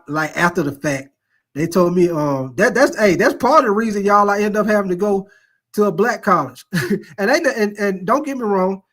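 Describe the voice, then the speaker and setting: A man's voice: high-pitched, fairly bright tone. A middle-aged man hosting a casual live-streamed sports talk show, reading viewer comments and telling profane, laughing stories. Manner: loose, joking, reads viewer comments aloud; profane storyteller who laughs at his own stories.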